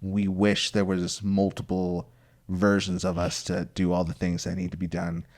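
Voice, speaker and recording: A man's voice: deep voice, completely flat delivery, moderate pace, gravelly, darkish tone. A young man hosting a podcast, chatty and playful as he sets up hypothetical scenarios. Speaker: podcast host. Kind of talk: casual podcast chat.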